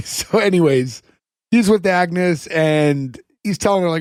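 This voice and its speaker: A man's voice: a little high, takes it slowly, a little mellow, no room sound, clean studio sound. A man hosting a casual podcast, recapping an old sitcom episode, laughing often, his throat a bit scratchy. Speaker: podcast host.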